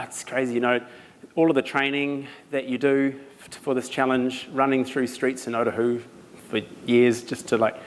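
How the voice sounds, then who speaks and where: A young man from New Zealand with a New Zealand accent, giving an animated storytelling talk at a live event, laughing as he goes. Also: mid-range voice. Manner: animated, laughing as he tells stories. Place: event venue. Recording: reverberant hall, some noise.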